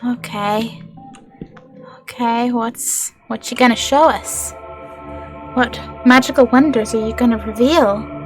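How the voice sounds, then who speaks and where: A woman's voice: a little high, fairly even intonation, takes it slowly, long pauses, music in the background. A woman streaming a horror game live, chatting to her viewers in a chatty, self-mocking way, swearing and joking.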